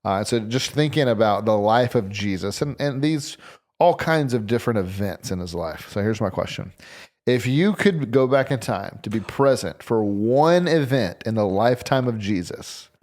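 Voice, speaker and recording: Lively man asking questions. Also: fairly low pitch, normal speed. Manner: lively, asks questions, laughs a lot. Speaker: podcast co-host. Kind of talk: casual chat.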